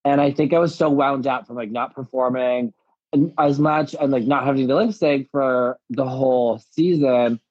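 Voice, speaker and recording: A young adult man, a drag performer guest, telling his story with lively acted-out quotes and frequent laughs over a live video call. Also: mid-range voice, moderate pace, slightly rough, no room sound. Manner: animated storytelling, acts out quotes, laughs often. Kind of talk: casual interview chat. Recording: dull lo-fi live-stream audio.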